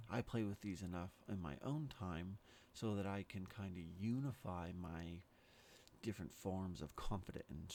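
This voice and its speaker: A man giving a rambling spoken meditation, meandering and pausing, his accent and tone drifting as he talks. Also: low-pitched, creaky, darkish tone, slight background noise. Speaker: meditation speaker.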